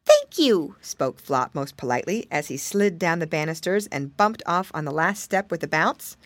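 A woman narrating a children's storybook in a playful, expressive manner. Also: sits low, moderate pace, dry recording. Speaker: audiobook reader.

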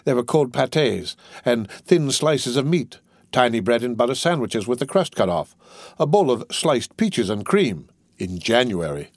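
A man reading a novel aloud as narrator, with expressive, lively storytelling. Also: mid-range voice, husky, dry recording, studio quality. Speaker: audiobook narrator.

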